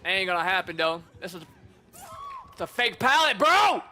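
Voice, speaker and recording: A young man streaming a game, talking casually and excitably, swearing and calling people bro and dude. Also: high voice, normal speed. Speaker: gaming streamer. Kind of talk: casual gameplay commentary.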